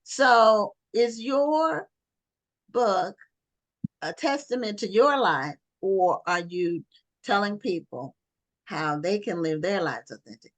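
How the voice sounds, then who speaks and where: A woman's voice: medium pitch, expressive, slow pace. A woman hosting an interview show, asking questions in a friendly, inquisitive way and affirming answers often. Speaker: talk show host. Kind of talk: interview conversation.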